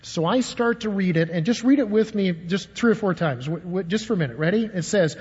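Older male pastor, storytelling sermon, high husky voice, reverberant hall sound. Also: animated, brisk, a little mellow. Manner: storytelling, asks the congregation questions. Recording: dull, long echo of a large hall.

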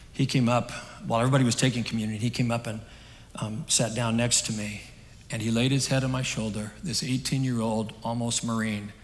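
A man preaching a sermon on a stage, telling a story in an earnest, conversational way that swings between emphatic and hushed. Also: medium pitch, slight background noise. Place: stage in a large hall. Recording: long hall reverb.

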